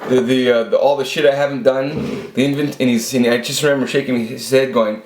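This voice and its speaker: A man's voice: mid-range voice, fairly even intonation, fairly quick, darkish tone, slight background noise. Guy in his 40s rambling crude stories at his own camera, lots of swearing, echoey room. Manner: profane, rambling anecdotes. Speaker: vlogger. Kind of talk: casual storytelling monologue. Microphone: self-filmed camera.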